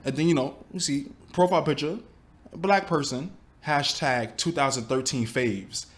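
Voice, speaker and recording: A man's voice: fairly high pitch, normal speed. Exasperated man talking to viewers. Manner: exasperated, rhetorical, addresses viewers directly. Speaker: YouTube commentator. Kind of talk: reaction commentary.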